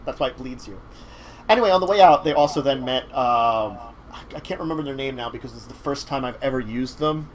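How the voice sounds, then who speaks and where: A man hosting a casual talk show, rambling through a game master's recap with frequent restarts. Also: medium pitch. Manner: rambling, halting with fillers and restarts. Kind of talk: casual chat recapping games.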